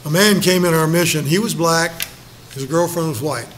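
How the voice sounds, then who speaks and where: A man's voice: a little high, normal speed, fairly bright tone, a little hiss or hum. An older man leading a Bible study in a folksy, storytelling way, joking with the group and acting out quotes. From Los Angeles.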